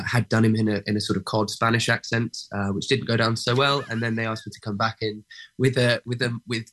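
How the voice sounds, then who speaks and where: A young actor, a guest in a casual interview, pausing often with fillers and restarts as he thinks aloud. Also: medium pitch, a bit bright, low-quality recording. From England. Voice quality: many fillers and restarts, thoughtful.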